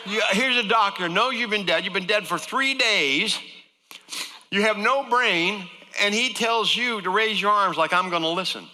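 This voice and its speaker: A man's voice: high-pitched, normal speed, bright, forceful tone, big-room sound. A man giving a folksy, joking personal testimony as a guest speaker to a church congregation.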